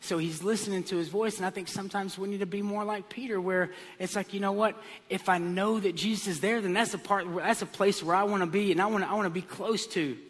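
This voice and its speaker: This pastor speaks quickly in a high voice with few pauses, filling his sermon with animated storytelling and comic voices. His words echo with long hall reverb.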